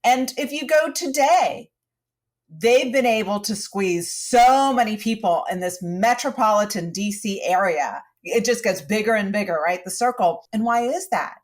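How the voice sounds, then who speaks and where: A woman's voice: mid-range voice, lively intonation, measured pace. A middle-aged woman co-hosting a podcast, telling personal stories and arguing persuasively with rhetorical questions. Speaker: podcast co-host. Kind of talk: conversational podcast talk.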